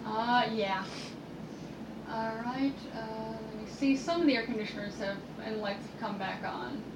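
A chatty woman talking casually at home, slightly high voice, stumbling through news details with fillers. The room is roomy and echoey, with steady background noise clearly audible. A home recording. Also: a little slow. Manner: chatty, reads news aloud with many fillers. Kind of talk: casual chat. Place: at home, indoors.

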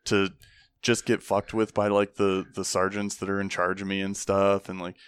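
A young army veteran with a deep, smooth voice at normal speed tells stories casually. He's animated, acts out the people he quotes, and swears often.

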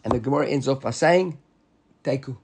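A man teaching a Talmud class, explaining quickly and repeating words as he reasons aloud. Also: mid-range voice, noisy background.

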